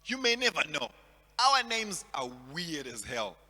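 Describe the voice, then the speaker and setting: A man from Zimbabwe doing stand-up comedy, animated, repeating words and laughing at his own jokes. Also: fairly high pitch, measured pace, in a large hall.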